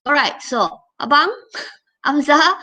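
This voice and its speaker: A woman leads an online English revision class in a bright, crisp voice that sits a little high. She explains each step patiently and keeps checking in with "okay?" and "all right?". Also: lively intonation, slow, low-quality recording. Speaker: English teacher. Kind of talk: online exam revision lesson.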